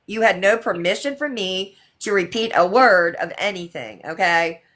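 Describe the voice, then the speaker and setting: A woman's voice: medium pitch, animated, moderate pace, fairly bright tone. A middle-aged woman hosting a casual livestream, talking indignantly and repeating her points for emphasis. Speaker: livestream host.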